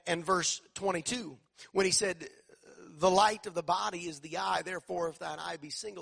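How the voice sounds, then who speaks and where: Gravelly-voiced man preaching emphatically. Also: sits high, fairly bright tone. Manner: emphatic, call-and-response preaching with repeated phrases. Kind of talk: sermon.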